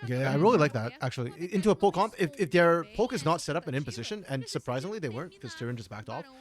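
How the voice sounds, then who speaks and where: An esports caster from outside the United States, mixing live play-by-play with casual chat and reacting out loud to the plays. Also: mid-range voice, expressive, rapid-fire.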